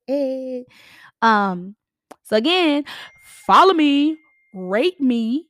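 Hoarse raspy woman podcast host. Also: sits high, lively intonation, very slow, long pauses, a bit bright, no room sound, clean studio sound. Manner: chatty, addresses listeners as y'all. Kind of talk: casual podcast monologue.

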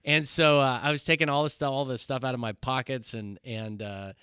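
A man who was once a pastor, telling a story in a casual chat with an animated, self-mocking manner and frequent laughter. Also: medium pitch, a little fast, clear, resonant tone, no echo, clean studio sound. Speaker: podcast co-host, former pastor.

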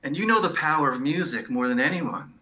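A man who is an oncologist, speaking as a guest in a conversational interview, telling stories in an animated, expressive way. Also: on the high side, brisk, highs cut off. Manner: animated, expressive storyteller who acts out sounds and quotes.

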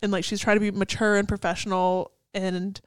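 A woman's voice: medium pitch, flat delivery, a little fast, smooth, no echo. A young woman co-hosting a casual chat, picking apart song lyrics in a chatty way full of "like" and the odd swear. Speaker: co-host.

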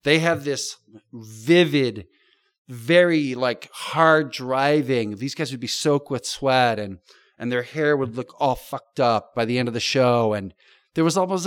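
A man's voice: mid-range voice, lively intonation, a little slow, no echo. Profane, storytelling middle-aged man, dry sound. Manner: vivid, profane storytelling with colorful comparisons. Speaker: podcast guest. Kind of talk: casual chat.

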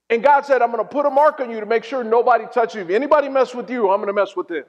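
Brief: pastor, man, very high voice, humorous story-led sermon, muffled lo-fi sound. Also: fast talker, hardly any pauses. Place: church hall. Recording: dull sound in a reverberant hall.

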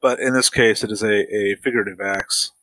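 A man co-hosting a podcast in casual chat, chiming in with short remarks and quick agreement. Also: on the low side, no room sound, low-quality recording. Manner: relaxed, chimes in with short agreeing remarks and laughs. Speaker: podcast co-host.

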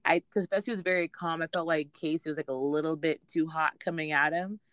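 A low-pitched woman talks in a casual, opinionated way and acts out what other people said. She sounds close and dry, with no room around her. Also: fairly even intonation, brisk, a bit bright, smooth, dry recording. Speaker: podcast co-host. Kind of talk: casual chat recapping a reality show.

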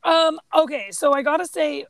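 A woman with a high voice and a gravelly, fry-edged texture chats about a favorite movie. She talks in an animated way, acting out quotes from the film and laughing often. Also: moderate pace, low-quality recording. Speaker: podcast co-host. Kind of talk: casual movie discussion chat.

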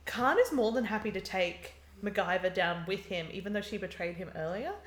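A woman co-hosting a casual chat, animated, laughing often and quoting characters mockingly. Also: mid-range voice, fairly quick. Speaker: podcast co-host. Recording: roomy echo.

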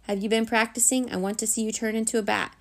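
A woman's voice: on the high side, little pitch movement, fast, voice pushed up, natural voice. A woman playing a flustered vampire father. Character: stern vampire father, easily dizzied. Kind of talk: storybook read-aloud.

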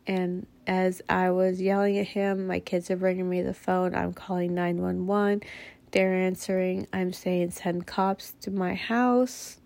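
A woman recounting a story in a relaxed, unhurried way, her voice carrying a gravelly fry. She is blunt and candid and does not hold back on swearing. The sound is close and dry, with no room echo. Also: fairly low pitch. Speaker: mother telling a personal story. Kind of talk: casual spoken storytelling.

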